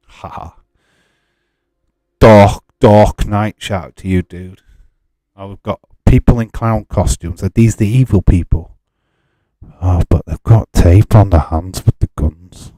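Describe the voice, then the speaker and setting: A man's voice: low voice, slow, long pauses, warm tone, dry recording. Exasperated man chatting live. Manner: exasperated, chatty, laughs often, reads chat aloud. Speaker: live-stream host. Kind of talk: casual live chat with viewers.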